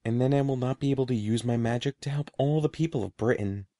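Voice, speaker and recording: A man voicing an old, sorrowful male wizard who speaks softly and gravely, halting with grief. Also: mid-range voice, no room sound, studio quality, lightly acted.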